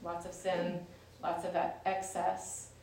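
A woman's voice: on the low side, completely flat delivery, slow pace, vocal fry, a little mellow. A woman teaching scripture in an easy, conversational manner, circling back and restarting her sentences as she explains. Her voice carries a strong echo, as if from a hard-walled room, and she sits some distance from the mic with a faint hiss underneath. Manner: chatty and explanatory, with fillers and restarts. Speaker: Bible study leader.

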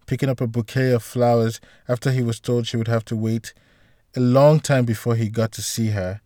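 Steady male audiobook narrator, dry sound. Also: mid-range voice, dry recording. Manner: steady, measured reading. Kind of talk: scripted narration.

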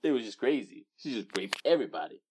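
A young man co-hosting a casual podcast chat, telling stories in an animated way and acting out voices. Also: mid-range voice, fast talker, background noise. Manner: animated storyteller, acts out screams and voices. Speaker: podcast co-host.

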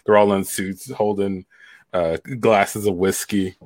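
A man's voice: deep voice, little pitch movement, takes it slowly, no room sound. A man as a podcast co-host, setting up a comedy sketch in a matter-of-fact way.

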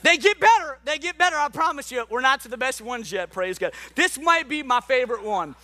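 Man, pastor, lively sermon, high voice, bright tone, playful with the crowd. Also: fairly quick. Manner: playful, jokey and animated with the crowd. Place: church hall with a congregation.

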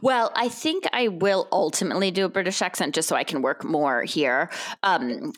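An American woman with a fairly low voice talks as a guest in a casual interview. She chats loosely and restarts her sentences often. Her delivery sounds relaxed and unscripted. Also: normal speed. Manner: chatty, many restarts and laughs. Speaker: actress guest.

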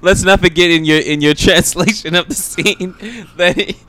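A man's voice: high voice, steady tone, normal speed, bright, forceful tone. A man co-hosting a casual podcast, laid-back and rambling, laughing often. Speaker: podcast co-host. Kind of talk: casual chat.

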